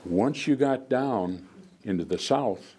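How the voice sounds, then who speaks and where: A husky, darkish mid-range voice with lively intonation belongs to an American veteran guest speaker in his seventies, who talks slowly as he tells an audience stories. He rambles, often restarting his sentences and filling pauses, over faint background noise.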